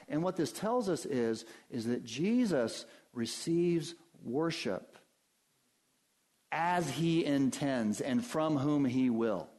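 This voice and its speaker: A man preaching a sermon as pastor, emphatic and addressing his congregation directly, his delivery swinging from low and quiet to loud and high. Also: lively intonation, slow.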